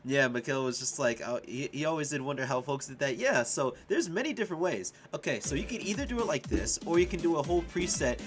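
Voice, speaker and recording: A young man chatting on a casual livestream. He is excitable and swears a lot, laughs often and shouts at his chat. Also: on the high side, fast talker, few pauses, soft background music. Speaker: streamer and music composer.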